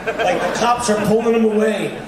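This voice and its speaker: Animated New man telling a story. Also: high voice, normal speed. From New York. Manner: animated, swearing, acting out quotes. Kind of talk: telling an anecdote. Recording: echoey, distant, with crowd noise.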